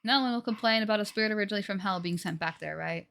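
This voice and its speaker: A woman's voice: mid-range voice, very fast, creaky. A woman voicing a scheming ancient spirit that possesses a young woman, speaking formally and condescendingly. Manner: formal, condescending, archaic phrasing. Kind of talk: voicing game dialogue on a livestream. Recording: game music playing loudly behind. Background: game music.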